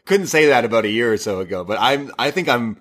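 A man co-hosting a wrestling podcast, talking in an animated, rambling way. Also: mid-range voice, fast talker. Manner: animated, many fillers and restarts. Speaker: podcast co-host. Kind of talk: casual chat.

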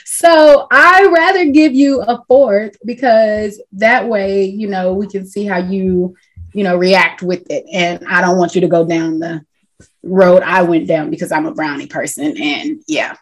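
A woman hosts a casual podcast chat, telling stories animatedly and laughing often. Her voice sits in the mid-range and she never rushes.

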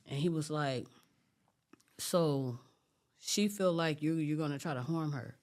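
A woman with a fairly low voice tells her story in an interview. She talks in an animated, streetwise way and acts out the quotes. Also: a little slow. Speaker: interview guest.

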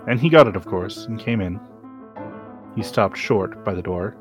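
Man, low voice, dramatic story reading, slow and deliberate, sudden emphatic rises, faint guitar and piano underneath. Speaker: podcast host reading aloud.

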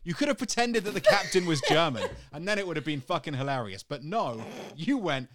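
A man's voice: a little high, very animated, fairly quick, a bit bright, slight background noise. A man co-hosting a casual chat, teasing and mock-outraged, laughing often as he banters.

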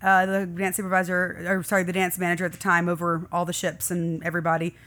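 A woman's voice: on the low side, quick pace. A woman in her thirties, a guest on a podcast, chatting casually and acting out the people in her stories. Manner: animated storyteller who acts out quoted people. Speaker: podcast guest, host's wife. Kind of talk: casual chat.

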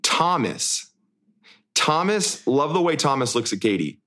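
A man's voice: a little high, very animated, measured pace, bright, forceful tone. A young man co-hosting a casual chat, rambling with many restarts and fillers. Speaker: podcast co-host, former show lead.

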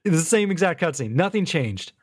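A man's voice: fairly high pitch, very animated, brisk. An easygoing man co-hosting a casual chat, recapping plots with fillers like "like" and "um".

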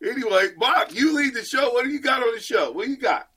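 Loud playful man telling tall tales. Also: very high-pitched, fast talker, breathy edge. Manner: playful storyteller, loud and animated. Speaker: radio co-host. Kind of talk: casual sports radio banter.

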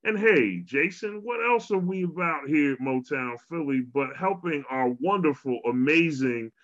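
A man's voice: a little high, normal speed. Man telling a story, dull lo-fi sound. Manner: animated storyteller, preachy wrap-up. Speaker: podcast co-host. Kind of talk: podcast conversation.

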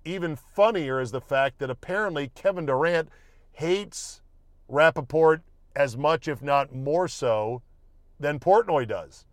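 A man's voice: on the high side, measured pace, dry recording, studio quality. A man hosting a solo sports podcast, talking casually with wry jokes and an offhand manner. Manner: wry, joking, offhand, with swearing. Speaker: podcast host.

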